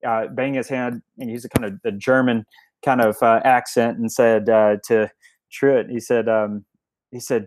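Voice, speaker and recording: Guy with a lowish voice telling a story in an interview, lots of uhs and restarts, dry close sound. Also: little pitch movement, moderate pace, darkish tone, dry recording. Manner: rambling, many restarts and fillers. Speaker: guest, family member of a restaurant chain.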